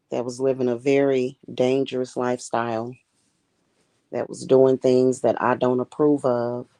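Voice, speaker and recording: A woman who is a high priestess and spiritual reader, talking in a casual livestream monologue in a deliberate, emphatic and blunt manner. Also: darkish tone, no room sound, low-quality recording. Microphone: streaming setup.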